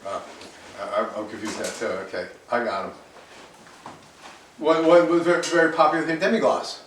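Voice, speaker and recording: Brief: male cooking teacher, slightly high voice, heard from across an echoey classroom with faint hiss, repeats and restarts as he lectures. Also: normal speed, a bit bright, distant mic. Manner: repetitive, restarts often, switches to bold exclamations.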